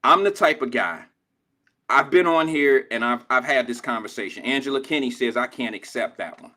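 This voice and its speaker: A man's voice: mid-range voice, moderate pace, sharp tone. An older man hosting a drive-time radio show, telling stories in casual, profane street slang. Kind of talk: casual talk radio monologue.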